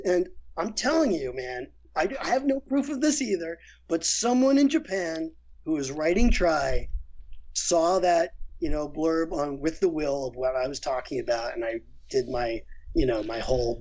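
Rambling animated man, muffled lo-fi audio. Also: on the high side, unhurried. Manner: rambling, animated storyteller with many fillers. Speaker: guest, voice director and writer. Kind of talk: casual podcast conversation.

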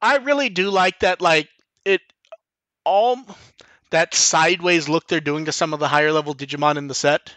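A man's voice: on the high side, normal speed, sharp tone, no echo. A man hosting a podcast in loose casual chat, full of "like", restarts and the odd swear. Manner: rambling, frequent 'like' and restarts, swears casually. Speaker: podcast host.

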